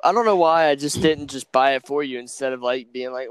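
A man's voice: mid-range voice, brisk, clean tone. A young man, a podcast guest, chatting casually and poking fun at himself while he recalls shared memories. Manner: easygoing, self-mocking storyteller. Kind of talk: casual chat.

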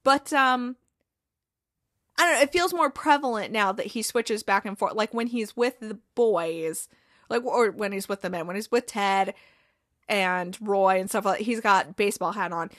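A woman's voice: medium pitch, moderate pace, dry recording, clean studio sound. A woman hosting a podcast, casually recapping a TV episode, chatty and laughing often.

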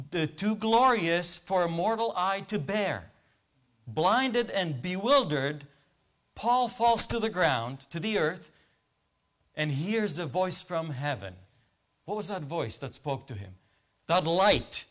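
Male preacher, high-pitched, interactive call-and-answer delivery to a congregation. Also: a bit bright. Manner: questions the congregation and waits for answers. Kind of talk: interactive sermon. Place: church.

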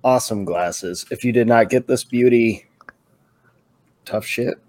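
A man's voice: medium pitch, a little slow, a little mellow. A man co-hosting a podcast, chatting casually and laughing along. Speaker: podcast co-host. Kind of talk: casual chat.

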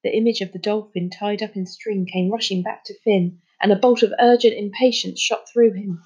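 A woman reading a children's novel aloud in an expressive storytelling manner. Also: medium pitch, moderate pace, slightly rough, dull audio. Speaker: storybook reader.

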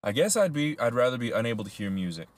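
A man's voice: mid-range voice, big pitch swings, fast talker. A young man co-hosting a casual podcast chat, rambling through his answers with frequent laughs and casual swearing. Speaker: podcast co-host.

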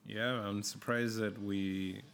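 A young man chatting as a podcast guest, halting and full of fillers. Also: lowish voice, little pitch movement, fairly bright tone. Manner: slow, halting, many fillers. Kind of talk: casual chat.

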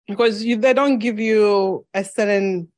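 A woman's voice: medium pitch, steady tone, measured pace, darkish tone, dry recording. A woman from Zambia with a slight lisp, a podcast guest telling her story in an earnest, reflective way in a casual interview.

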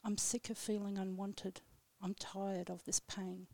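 This woman recites her own poem in a slow, solemn, measured way. Her voice sits in a middle pitch with very little rise and fall. The studio sound is dry and close. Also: flat delivery, gravelly, dark tone, no echo. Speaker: radio guest poet. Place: radio studio.

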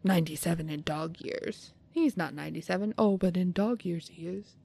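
A woman's voice: on the low side, normal speed, gravelly, mellow, breathy edge. A woman co-hosting a podcast, chattily recapping a movie and acting out the characters' lines. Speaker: podcast co-host. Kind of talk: casual chat recapping a movie.

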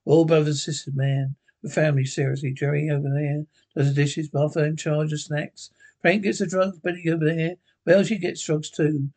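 A laid-back hippie cult leader in an adult cartoon, with a gravelly, fried edge on a voice pitched a little above the usual male range. He drawls easily and tosses "man" into his sentences. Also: little pitch movement, normal speed. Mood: easygoing. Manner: drawling, mellow, calls everyone "man". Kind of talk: animated series voice acting.

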